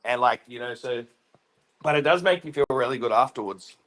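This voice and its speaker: A man's voice: medium pitch, a little fast, a bit bright. A man hosting a casual online panel chat, asking curious questions over a video call. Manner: curious, asks lots of questions. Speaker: podcast host.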